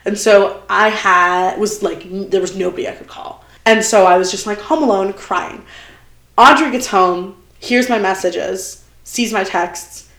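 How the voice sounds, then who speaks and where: A woman's voice: medium pitch, a little slow. Chatty young woman in a roomy space. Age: young adult. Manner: animated, chatty, many fillers and quoted asides. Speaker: podcast guest. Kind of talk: casual storytelling chat. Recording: roomy echo.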